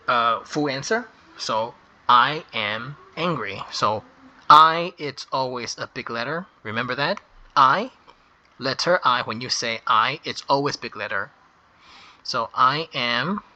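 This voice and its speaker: A man walks through a grammar lesson at a very slow, deliberate pace. His voice is bright and sharp, and he leans on the key words as he explains. The delivery is patient and step by step. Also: mid-range voice. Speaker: English grammar teacher.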